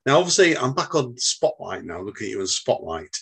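A chatty male podcast host who jokes with his guest and calls him mate. His voice has a husky edge and sits at a middle pitch. He keeps the talk loose and friendly. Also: very animated, a little fast, a bit bright. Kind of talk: casual podcast interview.

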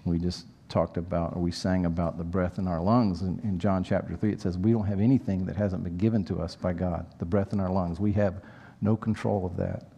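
A man's voice: low voice, level tone, fairly quick, gravelly, dark tone, breathy edge. A man preaching a sermon, teaching verse by verse and repeating key phrases. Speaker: pastor.

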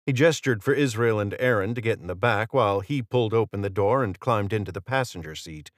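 A man narrates an audiobook in a steady, even storytelling manner. His voice sits on the low side. The recording is close and dry, with no room sound. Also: a little fast, no room sound.

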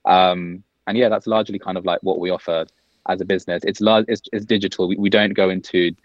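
A man talks fast as a podcast guest, piling stories together with plenty of "like"s. His voice sits very low. It comes over a dull, lo-fi line, dry and close, from an office. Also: steady tone, no echo. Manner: quick, chatty storytelling with frequent "like" fillers. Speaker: guest, agency owner. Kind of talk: casual podcast conversation. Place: office, remote call.

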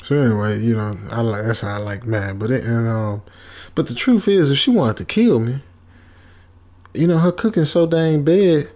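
A man's voice: medium pitch, moderate pace, darkish tone. A man casually retelling a comic horror story in a loose, rambling way, full of fillers. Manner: loose, rambling, laid-back, with many fillers.

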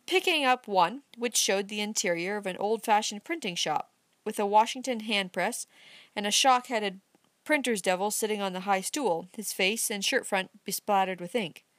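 A woman narrating a novel aloud in an expressive, measured storytelling manner. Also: medium pitch, dry recording. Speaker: audiobook narrator. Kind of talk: scripted narration.

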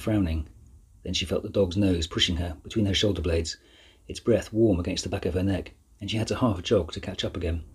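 A man narrating a children's novel in an even, measured storytelling voice. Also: low-pitched, husky. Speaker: audiobook narrator. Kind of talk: scripted narration.

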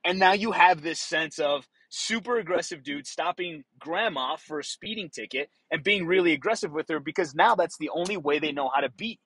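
Blunt, profane man with husky voice. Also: fairly high pitch, moderate pace, hardly any pauses, fairly bright tone, no room sound, poor audio. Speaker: former police officer. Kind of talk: casual monologue.

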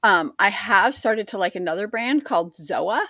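A woman's voice: medium pitch, lively intonation, normal speed, bright, forceful tone, no echo. A woman co-hosting a podcast in casual chat, rambling and self-deprecating. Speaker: podcast co-host.

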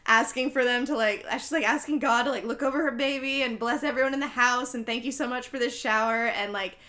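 Podcast co-host: woman with a bright, slightly high voice, chatty and loose, lots of fillers. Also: steady tone, brisk. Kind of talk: casual recap of a film.

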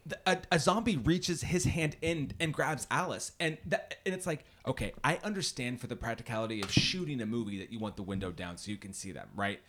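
A man's voice: medium pitch, fairly quick, few pauses, a bit bright. A man hosting a podcast in casual chat, rambling and restarting his sentences. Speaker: podcast host.

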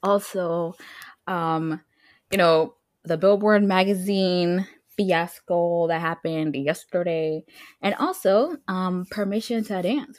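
This podcast co-host is a woman with a lowish voice, recorded dry with studio quality. She chats casually, laughing often and peppering her speech with "like" and "um."

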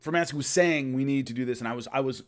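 A man's voice: mid-range voice, fast. A man casually telling a long rambling story about filming, with many restarts. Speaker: host recalling filming a fight show.

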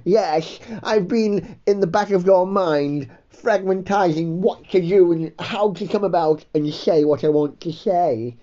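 Male comic puts on a prim, pompous crook; higher and louder than his own voice, evasive. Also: measured pace, few pauses, lo-fi sound. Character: pompous adult male criminal alter ego.

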